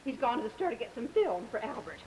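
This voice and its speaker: An older actress playing a demure, self-effacing aunt in a 1950s sitcom. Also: female voice, on the high side, sing-song, fast talker, mellow, a little hiss or hum, low-quality recording.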